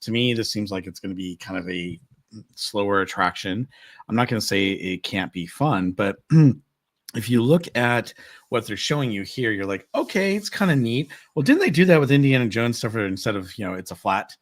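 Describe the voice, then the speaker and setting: A man's voice: lowish voice, expressive, normal speed, no room sound, studio quality. Sarcastic man co-hosting a podcast. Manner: sarcastic, mocks with exaggerated put-on quotes. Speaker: podcast co-host. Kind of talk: casual opinionated chat.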